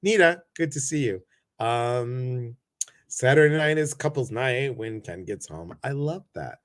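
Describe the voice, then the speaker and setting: A man's voice: medium pitch, lively intonation, unhurried, no echo. A man hosting a casual livestream chat over a video call, effusive and greeting many viewers by name. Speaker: host.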